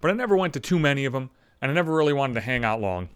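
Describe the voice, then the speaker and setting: A man hosting his own podcast, telling rambling comedic stories, profane and animated. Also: medium pitch, very fast, clean tone, no room sound, clean studio sound. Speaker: podcast host. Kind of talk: comedic storytelling monologue.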